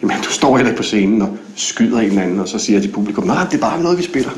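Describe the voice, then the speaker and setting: Actor as a low-voiced man pressing a secret on someone, rapid-fire, film scene. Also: lively intonation, a little hiss or hum, lightly acted. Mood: insistent. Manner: insistent, persuading. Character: adult man urging a secret kept. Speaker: film character. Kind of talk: film dialogue.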